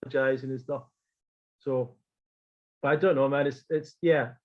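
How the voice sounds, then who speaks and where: A man's voice: medium pitch, moderate pace, muffled recording. A man telling a story in casual chat, acting out quotes and swearing freely. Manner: animated, swearing, acts out quotes. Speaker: podcast guest.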